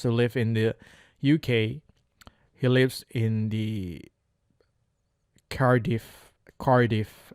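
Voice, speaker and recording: With a medium pitch and a darkish tone, a man whose first language is Indonesian works on his spoken English through a relaxed monologue. He hesitates, restarts often and relies on fillers. The recording is dry and of studio quality.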